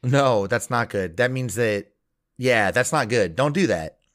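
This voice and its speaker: Guy cohosting a podcast, mid pitch, rambling and crude, lotta fillers. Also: animated, unhurried, fairly bright tone. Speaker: podcast co-host. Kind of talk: casual chat.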